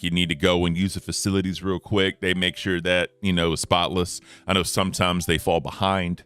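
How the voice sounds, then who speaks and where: A young man with an extremely deep voice chats casually as a podcast co-host. His tone stays bright and forward even as he rambles and lets his sentences trail off quietly. Faint music sits in the background. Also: clear, resonant tone. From United States.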